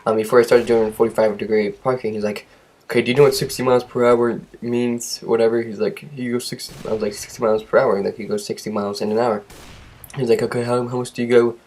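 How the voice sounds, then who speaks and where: A man's voice: mid-range voice, flat delivery, fast talker, a little mellow. Rambling teenage boy telling a story. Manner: rambling, self-deprecating, sarcastic asides. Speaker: vlogger. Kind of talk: casual storytelling vlog.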